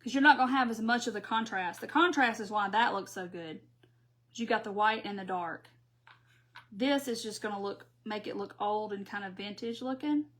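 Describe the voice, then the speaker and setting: A woman's voice: mid-range voice, moderate pace, fairly bright tone. A middle-aged woman from Mississippi with a Southern accent, chatting casually through a crafting live stream and reading viewer comments aloud.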